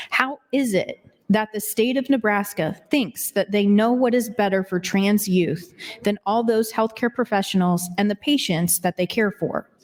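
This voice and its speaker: A woman's voice: medium pitch, darkish tone. Woman senator reading in a reverberant chamber. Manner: measured formal reading. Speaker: state senator. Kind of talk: reading testimony into the record. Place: legislative chamber. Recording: hall reverb.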